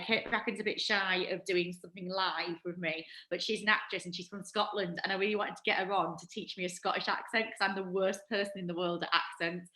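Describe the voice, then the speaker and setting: A woman's voice: fairly low pitch, pushed and bright, reverberant, rough recording. A woman from Northeast England with a Northeast English accent, hosting a casual livestream chat, giggly and self-deprecating. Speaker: host.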